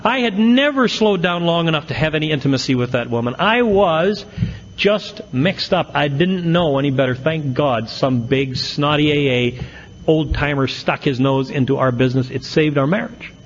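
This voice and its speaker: A man's voice: on the high side, moderate pace, dull audio, slight background noise. A middle-aged man speaking at an AA meeting, telling his recovery story with folksy, self-mocking humor and punchy comic timing.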